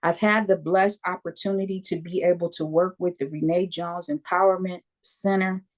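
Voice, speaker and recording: With a lowish voice at normal speed, an American woman in her fifties shares a personal story as an interview guest. The Reiki practitioner is an animated narrator, performing the voices of others and regularly pausing to ask "okay?".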